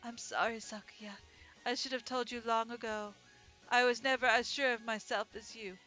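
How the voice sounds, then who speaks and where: A woman voicing a calm, laid-back young male pigeon student in a dating game, speaking gently. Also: fairly high pitch, moderate pace, faint music behind. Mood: gentle farewell.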